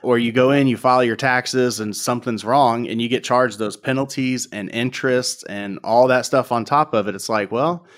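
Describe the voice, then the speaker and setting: A man hosting a podcast, who also runs a branding business, explaining in a relaxed, conversational way. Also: mid-range voice, moderate pace, few pauses. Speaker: podcast host, branding agency owner. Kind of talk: casual podcast chat.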